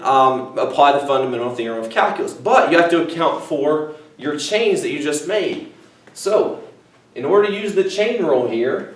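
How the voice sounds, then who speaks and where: Man teaching math in an echoey room. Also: on the high side. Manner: explains step by step, often saying "okay" and "guys". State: voice cracking a little. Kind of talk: classroom math lecture. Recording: echoey room, mic far off.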